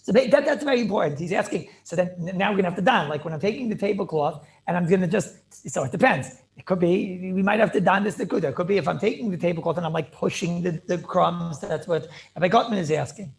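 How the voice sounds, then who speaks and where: A rabbi teaching a Talmudic class over a video call, repeating phrases and checking in with "right?" and "clear?". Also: male voice, sits high, fast, few pauses.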